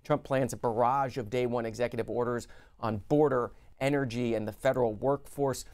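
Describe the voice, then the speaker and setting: Steady male news host reading headlines. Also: mid-range voice, a little fast. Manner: steady, informative, reads quotes.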